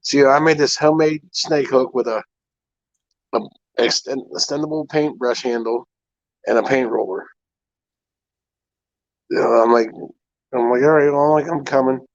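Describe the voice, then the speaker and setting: A man telling stories on a relaxed live stream, stringing them together with "I'm like" and "he goes." His voice sits at a middling pitch. The sound is dry and a bit dull, like lo-fi stream audio. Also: normal speed, long pauses, no room sound. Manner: rambling storyteller, fillers like "I'm like". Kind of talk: casual chat.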